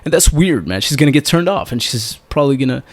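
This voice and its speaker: A young man giving dating advice straight to the camera, energetic and casual, calling the viewer "man" again and again and acting out examples of what not to do. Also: medium pitch, quick pace. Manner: animated, says "man" constantly, acts out bad examples.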